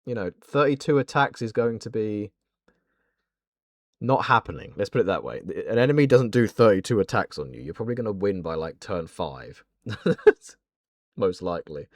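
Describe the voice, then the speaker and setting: On his gaming livestream, a southern English streamer with a fairly low, expressive voice banters in mock indignation at a moderate pace. It's a dry close-mic recording with faint game music in the background.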